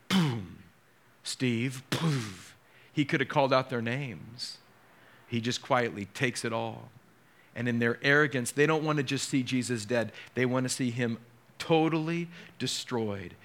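A middle-aged man preaching a sermon as pastor, acting out scenes with dramatic slow pauses. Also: medium pitch, gravelly, fairly bright tone.

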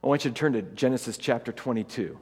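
Male preacher, mid-pitched, lively humorous storytelling, long church reverb. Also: fast, husky. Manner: animated, humorous storytelling with acted quotes. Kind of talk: sermon.

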